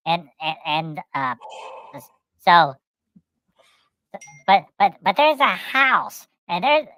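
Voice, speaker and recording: A woman's voice: lowish voice, fairly bright tone, no echo, close to an everyday voice. A woman voicing a cheerful podcast guest who rambles, repeats words and talks about itself in the third person. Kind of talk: rambling storytelling chat.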